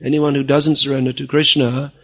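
A man's voice: mid-range voice, little pitch movement, a little fast, fairly bright tone. A man delivering a religious lecture in a firm, scolding manner. He often quotes others in mock voices. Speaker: spiritual teacher.

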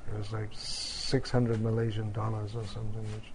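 A man's voice: lowish voice, completely flat delivery, moderate pace, background noise. A man in casual chat who wryly reminisces about past street work and chuckles at his own stories. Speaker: devotee recalling street distribution.

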